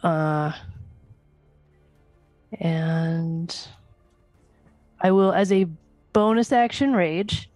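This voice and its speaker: A woman playing a tabletop game who speaks slowly and haltingly. She calls out her rolls and attacks one step at a time. Faint music plays behind her. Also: on the low side, darkish tone. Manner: slow, halting dice calls. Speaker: player. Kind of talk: casual tabletop game play.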